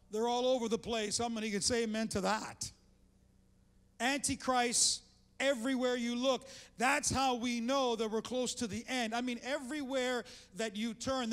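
A man's voice: very high voice, a bit bright. An older man preaching a sermon as pastor, fervent and conversational, calling out to the congregation and often restarting his sentences. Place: church sanctuary. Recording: long reverb of a large church hall.

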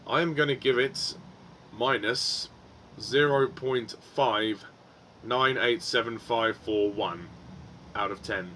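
A man's voice: medium pitch, slow pace, background noise. Frustrated man ranting about a film. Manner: frustrated, swearing, with frequent ums and restarts. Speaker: film reviewer.

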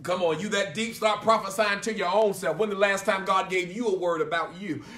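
A man, preaching a sermon as pastor in a church, emphatic and repetitive, punctuating lines with "praise God" and building to shouts. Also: high-pitched, brisk, roomy sound, recorded from a distance, a little hiss or hum. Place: church sanctuary.

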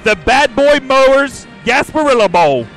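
A man's voice: very high-pitched, sing-song, a bit bright, soft background music. A man co-hosting a fan sports podcast, running the pregame show with upbeat, announcer-like banter. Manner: upbeat, announcer-like, reads numbers out slowly.

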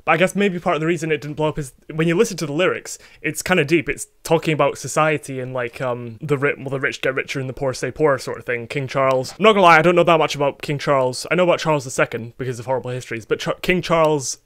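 A man's voice: fairly high pitch, quick pace, hardly any pauses, fairly bright tone, no echo, clean studio sound. A young man from Scotland chatting casually as a music reaction host, rambling and self-mocking with plenty of fillers.

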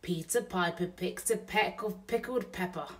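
A woman voicing a rough-talking male burglar who is kindly underneath, drawn out and exclaiming slowly. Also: fairly low pitch, a bit bright, recorded from a distance, close to an everyday voice. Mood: coaxing.

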